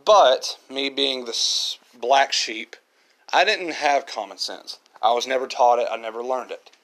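A man's voice: mid-range voice, unhurried, a bit bright. A man hosting his own podcast, talking in an earnest, reflective monologue and often repeating himself. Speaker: podcast host.

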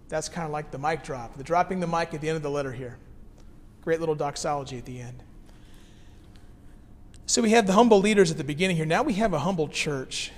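Male pastor, 30s, slightly high voice, relaxed sermon delivery, reverberant hall sound. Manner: conversational, reads scripture then explains it plainly. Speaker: care pastor.

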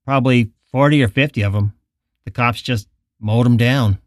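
A man's voice: medium pitch, moderate pace, no room sound, clean studio sound, natural voice. A man voicing a weary gas station attendant who speaks bluntly and matter-of-factly. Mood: grim.

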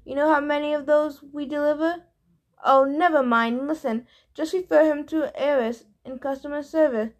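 A woman voicing an easygoing, fast-talking male messenger god in a storybook reading, breezy and offhand like a busy businessman. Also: high voice, steady tone, lightly acted. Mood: exasperated.

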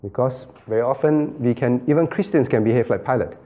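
A man's voice: mid-range voice, a little fast, muffled recording. A male pastor leading an interactive Bible study in a church room, emphatic and questioning, calling on listeners by name.

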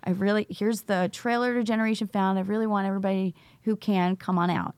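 A woman's voice: mid-range voice, fairly even intonation, fast talker, a little mellow, smooth, no echo. A middle-aged woman, a teacher, telling her story in an interview and acting out the dialogue as she goes. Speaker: teacher, recovery school founder.

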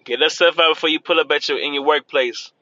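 A man's voice: fairly high pitch, fast talker, bright, forceful tone, no room sound. A man talking casually to his viewers, loose and chatty, often saying "man" and "y'all". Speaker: vlogger. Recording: dull lo-fi sound with faint vehicle noise.

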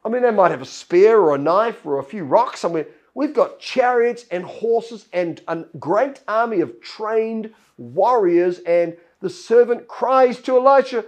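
A pastor preaching a sermon, telling a Bible story and acting out its characters' lines. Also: male voice, high voice, expressive, measured pace, few pauses.

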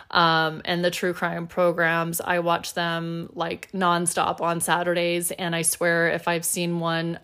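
A woman's voice: fairly low pitch, creaky, a bit bright. A middle-aged woman hosting a solo podcast, talking in a chatty, upbeat way with plenty of fillers. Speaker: podcast host.

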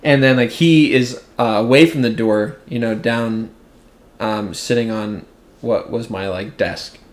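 A man's voice: mid-range voice, unhurried. A man in his twenties co-hosting a podcast, telling a story casually and rambling with lots of "like". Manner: rambling, fills speech with "like". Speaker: podcast co-host.

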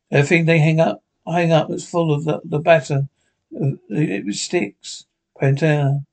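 Bickering old Scottish pensioners. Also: male voice, a little high, gravelly. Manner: quick, sweary, deadpan banter. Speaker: sitcom characters. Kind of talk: scripted sitcom dialogue.

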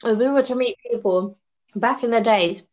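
A woman's voice: a little high, moderate pace, a little mellow. A woman chatting casually as a podcast guest, eating snacks while she talks. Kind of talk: casual chat.

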